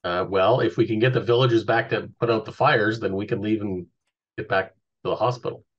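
A man playing a tabletop game, talking in halting, stammering restarts. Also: lowish voice, fairly even intonation, breathy edge, lo-fi sound. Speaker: player. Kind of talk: casual tabletop play chat.

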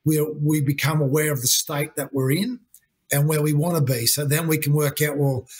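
Husky man, earnest coach. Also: on the high side, little pitch movement, moderate pace. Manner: earnest, repetitive, uses "you know" and "mate". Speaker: interview guest, leadership coach. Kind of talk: conversational interview talk.

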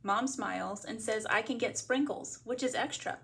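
A woman from a library reading a picture book aloud as a bedtime story, in a gentle read-aloud manner. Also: on the high side, normal speed, vocal fry, breathy edge.

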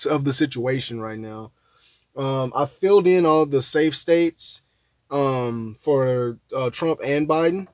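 A man's voice: medium pitch, a little mellow, dry recording. A man chatting casually about an election map in a loose, rambling way, with many fillers and restarts. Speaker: political commentary vlogger.

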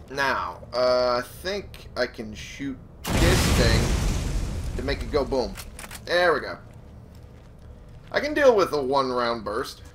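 A man's voice: medium pitch, fairly bright tone, slight background noise. A man giving casual let's play commentary, swearing and chuckling to himself. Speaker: gamer.

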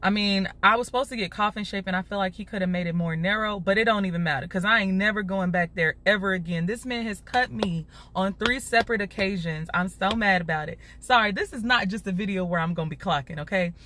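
A young woman with a Chicago accent vlogs from her car, phone held at arm's length, talking straight to the camera and saying "y'all" often. Her mid-range, fairly bright voice comes fast with few pauses, and there's a little hiss or hum.

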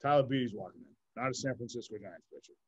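A man's voice: mid-range voice, fast talker, breathy edge, lo-fi sound. A man hosting a podcast interview, chatting casually and enthusiastically, leaning on "like" as he talks. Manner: rambling, heavy use of "like", enthusiastic. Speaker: podcast host.

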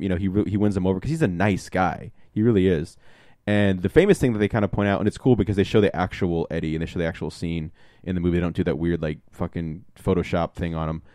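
Deep-voiced rambling podcast host, man. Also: dark tone, no room sound, studio quality. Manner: rambling, swears often, many fillers and restarts. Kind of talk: casual movie review chat.

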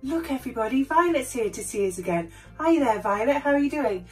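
A woman presenting a children's craft and breathing session, speaking warmly and directly to the children. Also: sits high, brisk, few pauses, soft background music. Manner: warm, lively, addresses children directly. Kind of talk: friendly children's activity lesson.

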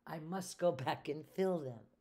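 Woman reader playing a storybook housekeeper: literal-minded, cheerful, matter-of-fact, mellow tone. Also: low voice, a little slow. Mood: earnest.

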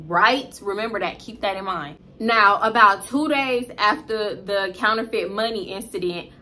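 A young woman in her twenties telling a casual, profane work story in an animated, chatty way. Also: mid-range voice.

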